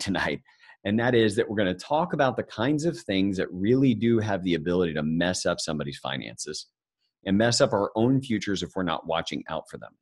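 A man giving a live financial seminar, talking conversationally and joking with the audience. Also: low-pitched. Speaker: financial speaker presenting to an audience.

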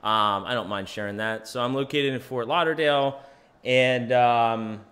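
A man's voice: medium pitch, moderate pace, fairly bright tone. A man hosting his own podcast in a rambling, self-deprecating, chatty monologue. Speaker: podcast host.

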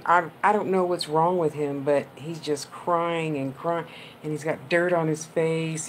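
Low-voiced chatty woman medium. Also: a little mellow, a little hiss or hum. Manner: chatty and affectionate, rambling, laughs often. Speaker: clairvoyant medium giving live readings. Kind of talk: live-streamed psychic reading.

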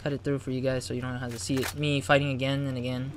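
A man's voice: mid-range voice, flat delivery, quick pace, background noise. A man hosting a gaming channel, giving casual let's-play commentary, chatty and flustered when he loses.

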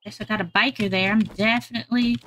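A woman giving casual gameplay commentary, chatting to her viewers and getting excitable during fights. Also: medium pitch, fast, a little hiss or hum. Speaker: gaming YouTuber.

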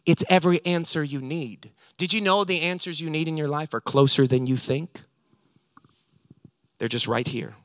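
A man preaching a sermon as pastor, animated and acting out scripture dialogue. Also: fairly high pitch, moderate pace, dry recording, clean studio sound.

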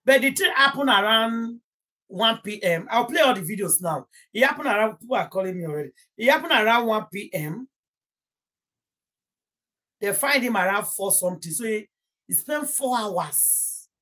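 Husky-voiced young Nigerian woman, gossip livestream host, rambling and heartfelt. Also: on the high side, expressive, moderate pace, sharp tone. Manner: rambling, emotional, mixing Pidgin into English. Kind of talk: casual live-stream chat.

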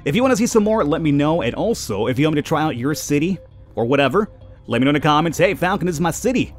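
Lively, chatty man narrating gameplay. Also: on the high side. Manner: chatty, rambling, quick to laugh. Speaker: gaming YouTuber. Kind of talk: casual let's-play commentary.

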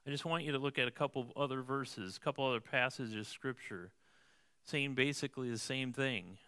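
A man's voice: medium pitch, a little fast, sharp tone, smooth. A man preaching a sermon as pastor, reading scripture and explaining it in a conversational way, often checking in with the congregation. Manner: conversational preaching, tags lines with "right?". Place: church.

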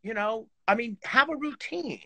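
A man on a video call chatting casually, animated and swearing, with lots of fillers. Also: very high-pitched, moderate pace, no echo. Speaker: guest horn player.

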